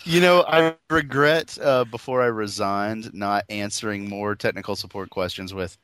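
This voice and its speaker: A man's voice: lowish voice, moderate pace, fairly bright tone, a little hiss or hum. A man in casual podcast banter, crude and joking, laughing often.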